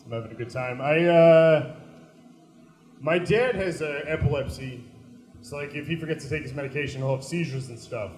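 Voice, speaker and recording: A young man doing a stand-up set, telling stories in a deadpan way and breaking into loud put-on voices. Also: on the high side, normal speed. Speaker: stand-up comedian. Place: small comedy venue. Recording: echoey room.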